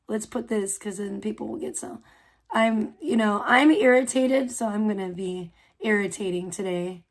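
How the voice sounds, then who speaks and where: A woman from Chicago with a Chicago accent softened by years on the West Coast, streaming live in a casual, rambling chat and often breaking off mid-sentence. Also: medium pitch, flat delivery, moderate pace. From Chicago, USA. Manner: reacts aloud to small mishaps. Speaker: livestreamer.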